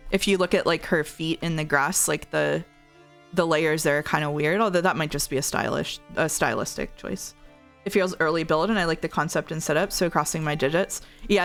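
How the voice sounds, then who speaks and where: A woman streamer chatting casually while playing a game demo, rambling with fillers and self-corrections. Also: low voice. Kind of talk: casual gameplay commentary, reading dialogue aloud.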